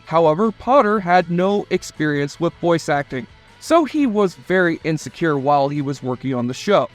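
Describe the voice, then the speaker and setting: A man narrating a scripted nostalgia video in a chatty, enthusiastic fan manner. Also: sits high.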